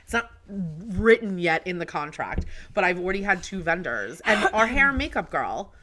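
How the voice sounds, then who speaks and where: A woman's voice: on the low side, big pitch swings, moderate pace, a crowd in the background. A woman co-hosting a casual podcast, chatting emphatically about her bridal shop work and swearing now and then. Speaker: podcast co-host. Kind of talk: casual chat.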